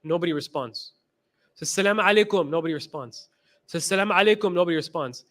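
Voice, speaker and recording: High-voiced man teaching a class. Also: fairly quick, fairly bright tone. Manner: emphatic, repeats key phrases; retells stories with quoted dialogue. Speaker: religious teacher. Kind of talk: class lecture.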